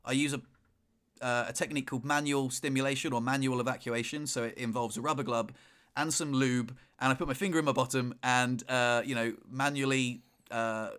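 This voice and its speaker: Bright-voiced man telling a story. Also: mid-range voice, a little fast, smooth. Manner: animated storyteller, shouts in retold moments. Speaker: podcast co-host. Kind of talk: casual chat, storytelling.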